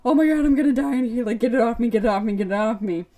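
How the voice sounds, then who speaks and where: A terrified girl stuck inside a cursed mask, as a woman retelling the story puts her on, begging and repeating herself in a rush. The voice rises high with panic and stays mellow and soft-edged in tone. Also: fairly quick, natural voice. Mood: panicked. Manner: frantic, pleading, repeats herself.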